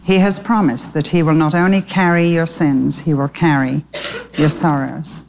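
Cast a woman with a lowish voice as a storytelling preacher, faint background noise. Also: fairly even intonation, normal speed, gravelly. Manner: warm storyteller, direct appeals to listeners. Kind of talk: storytelling sermon.

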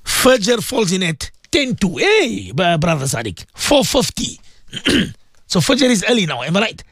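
A man preaching on a radio show in a high voice that swoops animatedly up and down. He repeats his phrases for emphasis and keeps clearing a sore throat. The studio sound is dry and close. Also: huge pitch swings, unhurried, fairly bright tone, no room sound. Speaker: radio host and Muslim cleric. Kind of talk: religious radio talk.

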